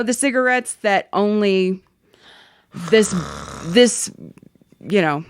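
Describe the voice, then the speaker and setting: A woman's voice: medium pitch, clean tone, no room sound, studio quality. A woman hosting a casual podcast, animatedly reading a listener's story aloud with swearing and laughter. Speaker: podcast host.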